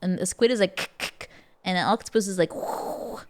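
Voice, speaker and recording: In a rapid-fire, darkish mid-range voice, a woman keeps up casual chat while streaming a strategy game. She reacts with animation and playfulness, stammering through repeated words and laughing in between.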